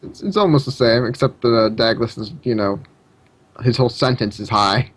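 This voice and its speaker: A man's voice: medium pitch, moderate pace, breathy edge, no room sound. A man co-hosting a casual gaming podcast, teasing the others and laughing often. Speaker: podcast co-host.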